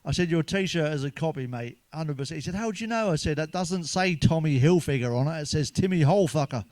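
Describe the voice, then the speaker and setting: Crude stand-up, middle-aged man, slightly high voice, dry close sound, swears freely. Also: animated, fast, darkish tone, dry recording. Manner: crude, swearing, laughs at own jokes. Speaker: stand-up comedian. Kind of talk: stand-up jokes told to camera.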